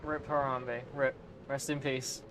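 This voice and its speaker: A man's voice: medium pitch, flat delivery, unhurried, noisy background. A young man streaming a game, reacting emotionally with gasps, laughter and sudden outbursts. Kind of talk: live gameplay reaction.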